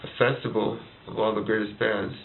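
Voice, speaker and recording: A man's voice: fairly low pitch, level tone, brisk, vocal fry, a little hiss or hum. A man delivering a heated political rant, firing off repeated rhetorical questions. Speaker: vlogger ranting to camera. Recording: tinny phone-like lo-fi recording.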